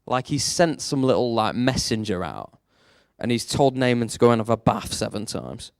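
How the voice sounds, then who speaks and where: A man preaching a sermon with animated storytelling that swings between hushed and emphatic. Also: medium pitch, moderate pace, vocal fry, clean tone, no room sound, studio quality.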